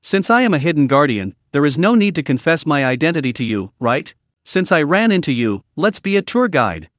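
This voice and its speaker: A man's voice: fairly high pitch, big pitch swings, fairly quick, no echo, clean studio sound. A man voicing a cocky young male cultivator hero, smug and teasing.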